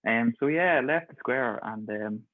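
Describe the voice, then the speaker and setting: A man's voice: mid-range voice, measured pace, dry recording. A man in his twenties tells his stories in a loose, chatty way and keeps breaking into laughter. He is heard over a video call that sounds thin and phone-like. The sound is dry, with no room around it. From Ireland. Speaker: guest, pharmacist. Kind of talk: casual storytelling.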